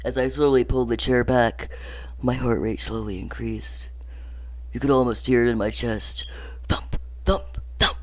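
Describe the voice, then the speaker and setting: A man reading a horror story aloud as narrator, theatrical, dropping to hushed whispers and rising to anguished cries. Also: medium pitch, flat delivery, moderate pace. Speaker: creepypasta narrator.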